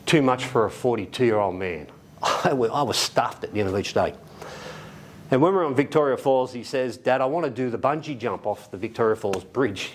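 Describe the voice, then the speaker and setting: A middle-aged Australian man telling a casual anecdote, animated and laughing as he acts out the people in his story. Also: mid-range voice. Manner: animated, acts out quoted voices, laughs often. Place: library event room.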